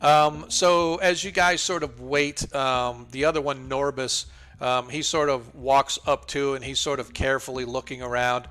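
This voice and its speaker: Bright-voiced man narrating as game master. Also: mid-range voice, fairly even intonation, moderate pace, clean tone. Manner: loose, hesitant narration with many fillers.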